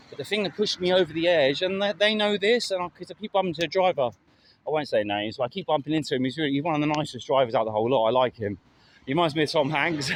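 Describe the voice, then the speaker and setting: A middle-aged man talking candidly and rambling in a casual vlog, recorded outdoors by a road, swearing now and then. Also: a little high. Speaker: vlogger. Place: outdoors by a road with passing traffic. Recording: outdoor phone recording with faint traffic. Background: faint traffic and street sounds.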